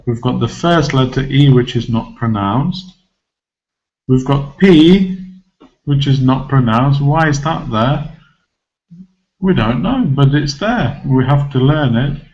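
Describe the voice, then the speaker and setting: A man teaching English pronunciation to a class, explaining slowly and patiently, repeating example words and asking the learners questions. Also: mid-range voice, lively intonation, a little mellow, lo-fi sound.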